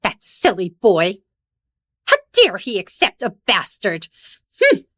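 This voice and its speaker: A woman's voice: medium pitch, wildly swooping pitch, slow pace, a bit bright, dry recording, heavily acted. An actress voicing a domineering older mother who fakes illness to get her way, in a dubbed drama, scolding and theatrical. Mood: scheming. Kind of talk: dubbed short-drama acting.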